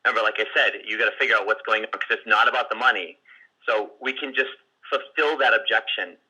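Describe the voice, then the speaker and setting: Bright, husky-voiced man coaching. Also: fairly low pitch, fast talker, poor audio. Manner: conversational, many restarts and fillers; acts out client and seller lines in quotes. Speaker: sales coach. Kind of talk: teaching on a recorded group call.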